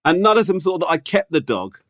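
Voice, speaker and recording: A man's voice: on the high side, sing-song, brisk, fairly bright tone, no echo, clean studio sound. A man in his forties telling a story in casual podcast chat, exasperated and swearing freely. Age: 40s. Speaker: podcast co-host.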